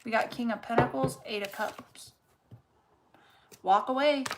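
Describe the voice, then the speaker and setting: A woman with a slightly high voice reading tarot cards in a casual, off-the-cuff way. She is blunt and swears freely, talking straight to the viewer. She drives her points home by repeating them. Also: measured pace, background noise. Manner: candid and profane, talks straight to the viewer; emphatic and repetitive when making a point. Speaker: tarot reader.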